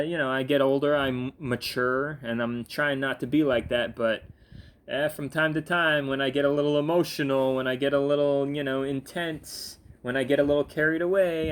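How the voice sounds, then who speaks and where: A young man, sleepy, ranting casually with lots of fillers, restarts and swearing. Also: mid-range voice. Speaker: gaming vlogger. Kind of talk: casual rambling rant.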